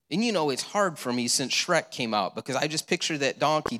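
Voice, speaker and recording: A male pastor preaching a sermon, animated and storytelling, with rhetorical questions and repeated answers. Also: medium pitch, brisk, hardly any pauses, long reverb tail.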